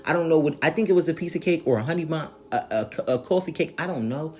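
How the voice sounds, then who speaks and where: A man's voice: fairly high pitch, expressive, fast talker, a little mellow. A man casually recapping a reality show episode, profane and laughing, acting out what the cast said.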